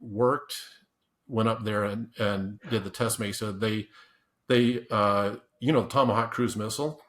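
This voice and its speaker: A man's voice: lowish voice, fairly even intonation, measured pace, a bit bright. A man telling casual stories in an interview, with many restarts and laughs. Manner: rambling with restarts and laughs, acts out quotes. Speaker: podcast guest. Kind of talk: casual storytelling.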